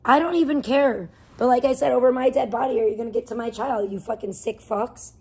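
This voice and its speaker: A woman's voice: sits high, fast talker, mellow, husky. A young woman streaming from home, venting in a profane, rambling rant. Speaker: livestreamer. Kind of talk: angry livestream rant.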